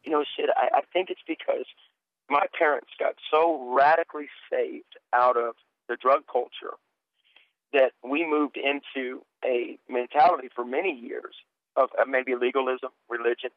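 A man's voice: medium pitch, moderate pace, dry recording. A middle-aged man, a guest preacher, earnestly telling his personal testimony and often repeating words as he starts sentences. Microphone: phone. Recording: tinny dry phone line.

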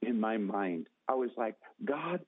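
A man's voice: normal speed, a little hiss or hum. Man telling a dramatic story over a tinny line. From Northern California. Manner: dramatic, acts out quotes with raised pitch. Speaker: guest telling his testimony. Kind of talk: storytelling testimony. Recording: tinny phone-like dry sound.

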